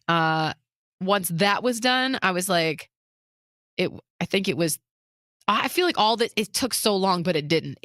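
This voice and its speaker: A woman's voice: lowish voice, no room sound, clean studio sound. A woman co-hosting a casual talk show, telling a personal story and acting out what other people said, with nervous laughs. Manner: animated retelling that acts out other people's lines, with nervous laughs. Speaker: podcast co-host.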